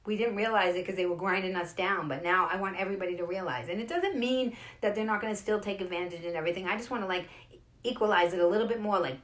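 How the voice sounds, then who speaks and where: A woman hosting her own show, chatting casually and acting out the voices in her stories. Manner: chatty storyteller, acts out quotes with pitch jumps. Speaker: host. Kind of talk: casual monologue.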